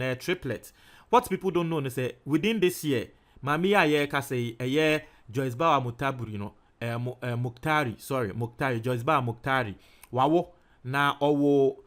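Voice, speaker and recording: A man's voice: on the high side, fairly bright tone. A young adult man with a Ghanaian accent giving news commentary, mixing Twi and English, and explaining his points by repeating them.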